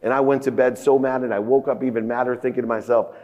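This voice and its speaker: A man's voice: medium pitch, fairly even intonation, quick pace, few pauses, darkish tone. Emphatic man speaking in a hall. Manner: emphatic, acts out dialogue with rising outbursts. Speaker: keynote speaker. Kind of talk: motivational keynote storytelling. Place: large conference hall stage. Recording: long reverb of a conference hall.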